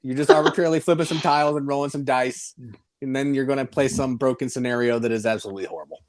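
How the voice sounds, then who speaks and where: A man's voice: mid-range voice, fast talker. A man on a casual board game livestream, ranting emphatically with blunt put-downs.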